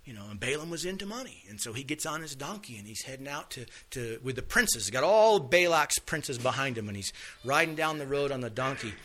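A man leads a Bible lesson, retelling scripture stories in a casual, folksy way and tossing off the characters' lines in plain speech. His voice is very bright and his pitch sits in the middle of a man's range. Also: expressive, brisk. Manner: folksy storytelling, acts out quotes casually. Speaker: Bible teacher.

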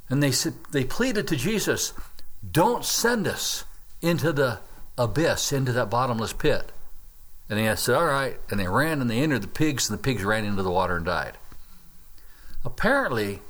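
Animated pastor preaching. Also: male voice, medium pitch. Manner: animated, dramatic storytelling with sound words. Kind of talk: sermon teaching.

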